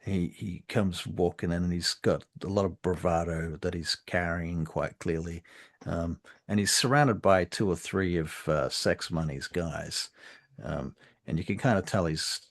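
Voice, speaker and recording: A man narrating a tabletop role-playing game as game master, relaxed and with many fillers. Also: low-pitched.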